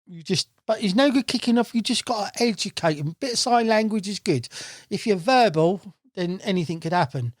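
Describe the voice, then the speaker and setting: A man, a guest angler on a podcast, telling stories in a casual, animated way, swearing freely and acting out what people said. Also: sits high, a little fast, no echo, clean studio sound. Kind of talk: casual storytelling chat. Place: podcast studio. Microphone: studio mic.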